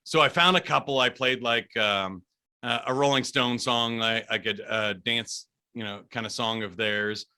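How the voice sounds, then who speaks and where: A man being interviewed as a guest, a DJ telling stories in an animated, chatty way with frequent laughs. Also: medium pitch, moderate pace, smooth. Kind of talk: casual storytelling interview.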